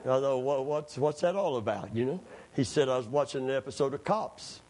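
Pastor telling a lively sermon story. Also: male voice, mid-range voice, fairly quick. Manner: animated, acts out quoted voices, laughs at own stories. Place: church.

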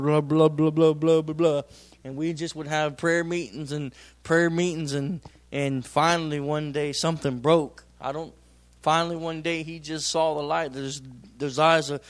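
A man preaching a sermon in a plain-spoken, folksy way, swinging from loud emphatic bursts to slow drawn-out phrases. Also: a little high. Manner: folksy, plain-spoken, tells personal stories. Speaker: pastor.

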